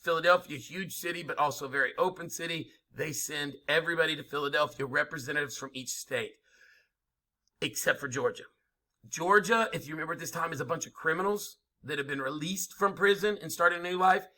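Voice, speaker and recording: A man's voice: a little high, a little fast, pushed and bright. A man lecturing a history class, emphatic and informal, asking rhetorical questions as he goes. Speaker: history teacher.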